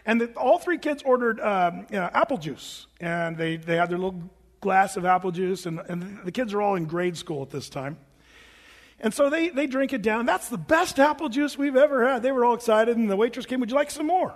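A middle-aged man with a notably high voice preaches a sermon, spinning a personal story with animated asides and quick character voices. His words echo with a long reverb, as if spoken in a large hall. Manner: animated, acts out voices of family members. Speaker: pastor.

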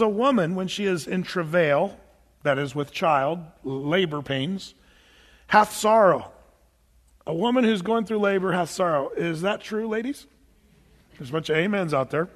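In a church sanctuary, a middle-aged male pastor preaches a sermon, reading scripture aloud and joking conversationally with his congregation. His voice runs on the high side with a fairly bright tone, and the recording has a big-room sound.

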